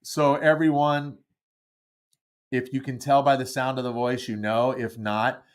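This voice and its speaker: A middle-aged man hosts a live call-in show and talks loosely to his viewers. He wanders between thoughts, fills pauses with ums and uhs, and pokes gentle fun at himself. His voice sits at an ordinary, mid-range pitch for a man. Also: level tone, clear, resonant tone. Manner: rambling and self-deprecating, many fillers and restarts. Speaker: podcast host taking call-ins. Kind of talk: casual live-stream chat.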